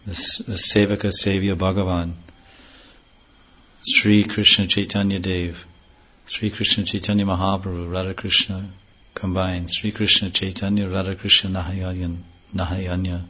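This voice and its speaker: A man giving a devotional scripture lecture, slowly chanting verses and then explaining them earnestly, on a dull lo-fi recording. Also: sits low, flat delivery, sharp tone, breathy edge. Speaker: spiritual teacher.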